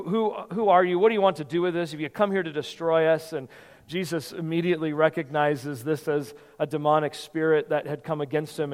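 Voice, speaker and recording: A man's voice: medium pitch, clear, resonant tone. A man preaching a sermon as pastor in a church, conversational and given to repeating words as he thinks. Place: church sanctuary. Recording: long hall reverb.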